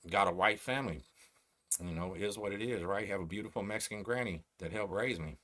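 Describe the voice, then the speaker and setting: A middle-aged man from Texas with a Texan accent, hosting a casual livestream and talking slowly, bluntly and streetwise. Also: low-pitched, a bit bright. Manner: slow, blunt, streetwise talk. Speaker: host.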